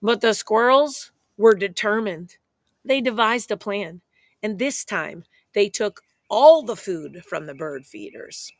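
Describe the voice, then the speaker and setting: A woman reading a children's picture book aloud in a playful, expressive way, speaking straight to young listeners. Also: mid-range voice, takes it slowly, no room sound. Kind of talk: children's story read-aloud.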